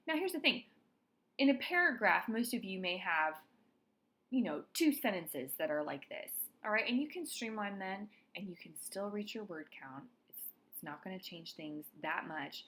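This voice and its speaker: A woman's voice: fairly low pitch, moderate pace, pushed and bright. A woman writing instructor giving a recorded lecture, talking students through example sentences and checking in with frequent "all right".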